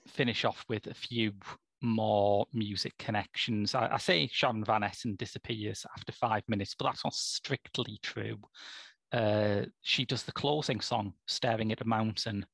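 A man's voice: lowish voice, fairly even intonation, a little slow, a bit bright, dry recording. A man co-hosting a podcast, chatting casually about films, rambling and correcting himself with dry humor. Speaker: podcast co-host. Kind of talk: casual film chat.

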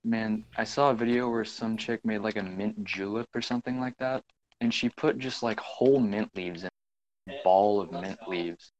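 A young man in a casual podcast chat, firing quick questions and laughing easily. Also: lowish voice, a little mellow, poor audio.

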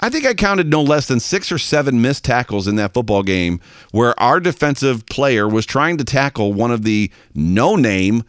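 A man's voice: medium pitch, dry recording, studio quality. A man hosting a sports talk show, delivering an exasperated fan's monologue. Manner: animated, exasperated fan ranting. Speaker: podcast host.

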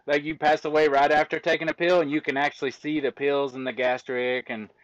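A fairly high-voiced man tells stories in a lively way, mimicking the people he argues with. The recording sounds dry and a bit dull, with little room around the voice. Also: brisk, no room sound. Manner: lively storyteller acting out exchanges with commenters. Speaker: autopsy technician guest. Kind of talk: casual conversational explaining.

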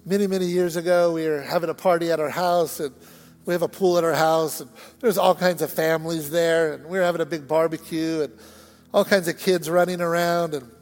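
Animated high-voiced pastor in a reverberant hall. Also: male voice. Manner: animated storytelling, acts out voices and shouts. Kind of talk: sermon. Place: church sanctuary. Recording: long church hall reverb.

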